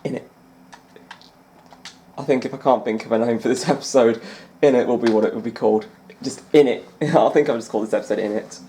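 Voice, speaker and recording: This gaming channel host has a warm, mid-range voice with a steady tone, talking at a quick pace with few pauses. The sound is roomy with a little hiss or hum as he rambles chattily over a snooker video game, using lots of fillers and amusing himself.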